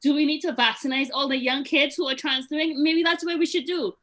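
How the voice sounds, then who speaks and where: Woman business owner, high and bright, frustrated pleading meeting remarks. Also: fairly even intonation, fairly quick. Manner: frustrated, pleading, many restarts.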